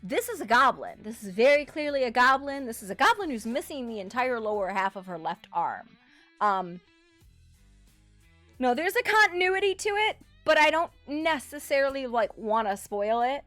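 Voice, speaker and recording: Woman streamer, casual and rambling, lively pitch, quiet music underneath. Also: moderate pace, no echo. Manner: rambling, many fillers and restarts, casual swearing, frequent laughter. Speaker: streamer talking about her roleplay character. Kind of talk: casual live-stream chat.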